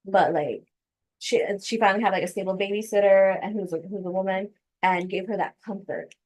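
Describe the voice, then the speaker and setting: A woman who works as a preschool teacher, speaking in a thoughtful, halting way in a casual podcast chat. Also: mid-range voice, a little mellow, poor audio.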